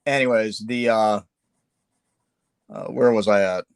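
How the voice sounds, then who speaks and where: Low-voiced, halting male artist streamer. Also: steady tone, creaky, clear, resonant tone, no room sound. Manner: halting, filler-heavy, self-deprecating. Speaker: artist hosting a live painting stream. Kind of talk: casual chat while sketching.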